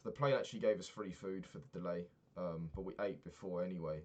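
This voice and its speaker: A man's voice: deep voice, quick pace, darkish tone. A man in his twenties recapping a trip in a rambling, sweary, casual monologue, often laughing at his own stories. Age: 20s. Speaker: vlogger.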